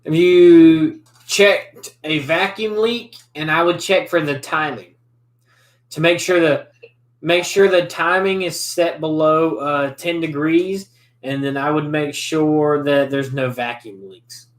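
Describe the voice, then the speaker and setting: A man's voice: fairly high pitch, steady tone, takes it slowly. Laid-back young man in an echoey room. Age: 20s. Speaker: host. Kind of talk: casual chat over drinks.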